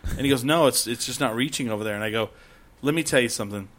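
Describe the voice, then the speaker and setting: A man's voice: medium pitch, very fast, a bit bright. A man co-hosting a casual podcast, telling stories with lots of swearing and acted-out quotes. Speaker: podcast co-host. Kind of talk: casual chat.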